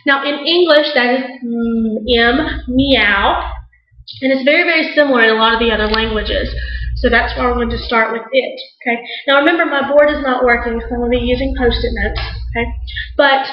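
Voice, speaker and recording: A woman teaching an English class in a classroom, speaking slowly and patiently and stretching out sounds for her students. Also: on the high side. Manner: slow, patient, imitates animal sounds. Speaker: ESL teacher. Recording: echoey classroom, dull lo-fi sound.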